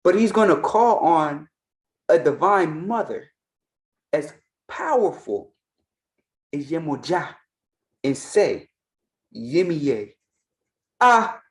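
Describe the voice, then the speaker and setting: A man's voice: a little high, very animated, takes it slowly, long pauses. A man hosting a reaction commentary, ranting in a heated, mocking and profane way. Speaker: host, Orisha priest.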